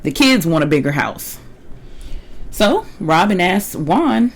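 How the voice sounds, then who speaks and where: Young woman, low voice, casual TV recap, opinionated, slangy, talky. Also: very animated, takes it slowly, poor audio. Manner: chatty and opinionated, with colloquial slang. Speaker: reality TV recap vlogger.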